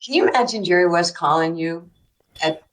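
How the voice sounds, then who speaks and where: A woman in her sixties telling lively stories as an interview guest, acting out what others said and laughing often. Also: on the low side, a little fast, rough recording. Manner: animated storyteller, acts out quotes, laughs often. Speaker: interview guest, basketball coach. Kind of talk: casual storytelling interview.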